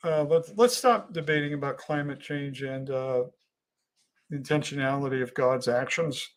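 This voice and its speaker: A man hosting a casual livestream, reading viewer comments aloud and talking in an earnest, halting way with frequent restarts. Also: medium pitch. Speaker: livestream host.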